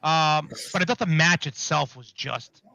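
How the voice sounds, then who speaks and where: A man's voice: a little high, unhurried, creaky, pushed and bright, dull audio. A man hosting a casual wrestling talk show, rambling and correcting himself as he steers the discussion. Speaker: podcast host.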